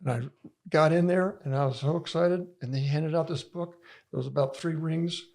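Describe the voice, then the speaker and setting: A man's voice: fairly high pitch, fairly even intonation, moderate pace, a little mellow. An older man as a podcast guest, telling a long, rambling story in casual conversation, full of restarts and laughs.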